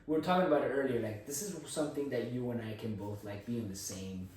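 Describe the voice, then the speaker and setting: A man's voice: mid-range voice, fast, darkish tone. A man co-hosting a casual podcast chat, easygoing and rambling, laughing often. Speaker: podcast co-host. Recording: echoey room, distant mic, faint noise.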